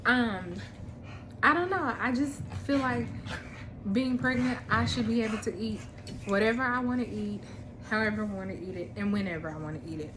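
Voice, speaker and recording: A woman's voice: fairly high pitch, moderate pace. Thirty-something woman just chatting to her camera at home, laid back, lots of ums, faint hum behind her. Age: 30s. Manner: relaxed, rambling, frequent ums. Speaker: vlogger. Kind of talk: casual chat.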